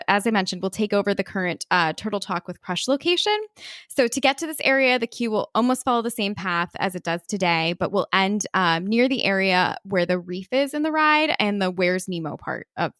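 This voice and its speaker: Bubbly giggly woman, lively sing-song voice. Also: medium pitch, no echo, studio quality. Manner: giggly, bubbly, quick to apologize. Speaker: podcast co-host presenting a ride concept. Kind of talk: casual chat.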